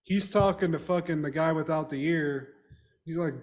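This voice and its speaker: A man's voice: fairly high pitch, normal speed. A man recapping a film in casual, profane chat, laughing and telling it like a story. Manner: animated, laughing storyteller, swears a lot. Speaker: podcast co-host recapping a film.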